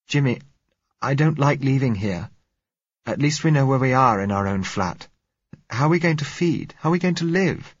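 Guy putting on a scared young woman begging, high voice, storybook reading, dull dry sound. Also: very animated, fairly quick, hardly any pauses, darkish tone, breathy edge, no echo, heavily acted. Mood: frightened. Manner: pleading, anxious. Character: frightened young woman clinging to her man.

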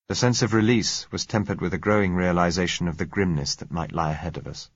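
Male narrator, husky tone, dry close recording, measured first-person storytelling. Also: sits low, no echo, highs cut off. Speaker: audiobook narrator.

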